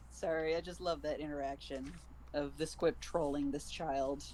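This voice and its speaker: A man's voice: fairly high pitch, flat delivery, measured pace, pauses often, a little mellow, poor audio. A man streaming live, chattily retelling a book's plot in a loose, amused way. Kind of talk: casual chat recapping a book.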